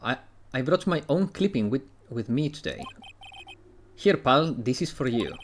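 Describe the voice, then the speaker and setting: A man's voice: medium pitch, animated, a little slow, a little hiss or hum, close to an everyday voice. A man reading a streetwise man witness from a courtroom game in a brash, chummy tone.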